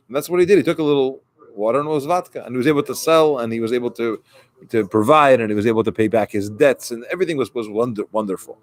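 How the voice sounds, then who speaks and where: A man's voice: mid-range voice, fast talker. A man who is a rabbi, giving a conversational sermon and retelling a story with quoted dialogue.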